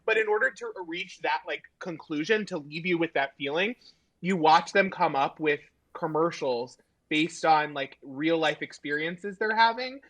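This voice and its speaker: A man's voice: fairly high pitch, a little slow, fairly bright tone. A man guesting on a podcast in casual chat, enthusiastic and rambling as he searches for words.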